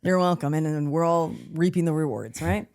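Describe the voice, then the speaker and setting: A woman's voice: deep voice, brisk, darkish tone, clean tone. A woman in her thirties, co-hosting a podcast in casual chat, blunt and profane, laughing often. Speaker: podcast co-host.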